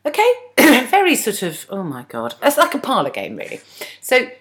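A woman's voice: fairly high pitch, wildly swooping pitch, moderate pace. A woman co-hosting a podcast, chatting and mocking as she recaps a TV episode and acts out lines. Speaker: podcast co-host. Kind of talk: casual chat recapping a TV episode.

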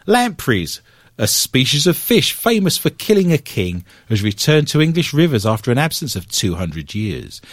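A man's voice: mid-range voice, dry recording, studio quality. A man hosting a casual podcast, joking often and reading out news stories between laughs. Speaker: podcast host.

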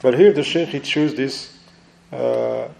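A man's voice: mid-range voice, slow pace, vocal fry, a little mellow, roomy sound. A man teaching a religious book study, explaining step by step, checking in with his listeners, and mixing Arabic phrases into non-native English. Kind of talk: religious lesson.

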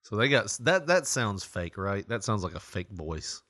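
A man's voice: fairly low pitch, big pitch swings, normal speed, fairly bright tone, no room sound. A man hosts a casual chat, with lots of swing in his voice as he tells a story, laughing and swearing along the way. The sound is dry and close, with no room around it. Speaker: podcast host.

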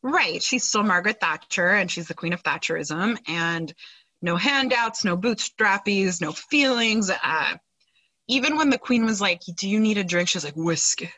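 A woman's voice: mid-range voice, animated, a little slow, bright, forceful tone, no echo, poor audio. A woman co-hosting a podcast, recapping a TV episode in casual chat, with many fillers and sarcastic asides. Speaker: podcast co-host.

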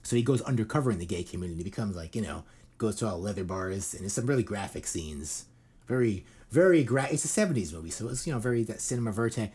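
A middle-aged male podcast host chatting loosely about the week's news. He rambles and swears casually, and his slightly husky voice jumps widely up and down in pitch. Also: expressive, fast, a little mellow. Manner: rambling, irreverent, swearing, many fillers.

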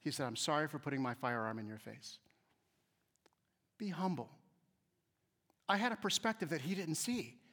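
A man giving a humorous storytelling talk to an audience, acting out the voices of people in his stories and swinging between quiet asides and loud emphasis. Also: on the high side, moderate pace, pauses often, husky. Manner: animated, acts out quoted voices, shifts between soft asides and loud emphasis. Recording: long hall reverb.

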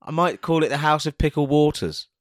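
A man's voice: on the high side, brisk, no echo, studio quality. A man co-hosting a podcast, teasing his partner with mock-pompous crude banter. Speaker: podcast co-host.

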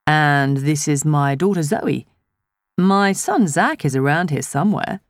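A woman voices a guarded single father with a faint Australian twang, keeping his answers short. The voice sits low and plain. The recording is close and dry. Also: lively intonation, a little slow, dry recording. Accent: slight Australian twang. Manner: curt, guarded replies. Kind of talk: audiobook character voice.

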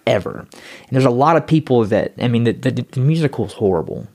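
A man telling his own story in a casual interview, rambling and repeating words as he grows excited. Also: mid-range voice, a little fast, creaky.

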